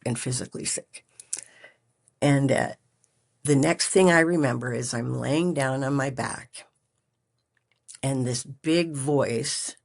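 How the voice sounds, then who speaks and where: A woman speaks slowly and haltingly, reflecting on a personal story as an interview guest. Her voice has a gravelly fry and a husky edge, and it sits in a middle pitch. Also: a little mellow. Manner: halting, reflective, many pauses and restarts.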